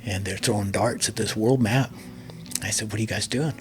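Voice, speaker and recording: A middle-aged army veteran telling a long story as an interview guest, acting out the dialogue and dropping to a near whisper at emotional moments. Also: male voice, lowish voice, brisk, music in the background.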